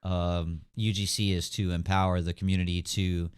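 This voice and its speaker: Low smooth-voiced male podcast host. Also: flat delivery, moderate pace. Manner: rambling, hedging with fillers. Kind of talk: casual chat.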